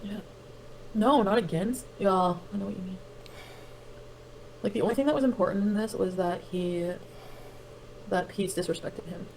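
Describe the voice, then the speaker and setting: A woman talks on a livestream in a mid-range voice. She explains herself haltingly and defensively, with many fillers. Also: mid-range voice, darkish tone, a little hiss or hum, rough recording. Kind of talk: livestream talk.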